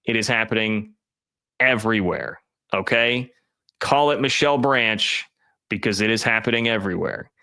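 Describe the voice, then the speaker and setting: A man's voice: fairly low pitch, normal speed, sharp tone, clear, resonant tone. A man giving emphatic, opinionated college football commentary, talking directly to his chat viewers.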